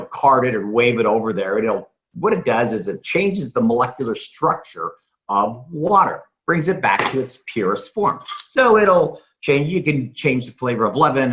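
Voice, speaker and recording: A man delivers an energetic sales pitch at a middling pitch, hammering home the same claims again and again. He poses questions and answers them himself. The recording sounds dull and lo-fi. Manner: emphatic, repeats claims, asks and answers rhetorical questions. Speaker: presenter at a sales meeting.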